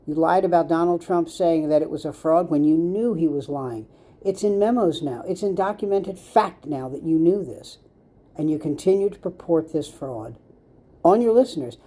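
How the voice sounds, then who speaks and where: A woman's voice: on the low side, mellow. A woman commentator ranting straight to the camera, scolding and sarcastic, speaking directly to the person she's addressing. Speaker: social media commentator.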